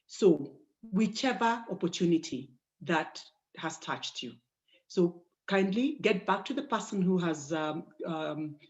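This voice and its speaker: A woman giving polite closing remarks on a group video call, thanking listeners often. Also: on the low side. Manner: warm, polite, with frequent thanks. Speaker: call presenter closing the session. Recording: dull lo-fi call audio.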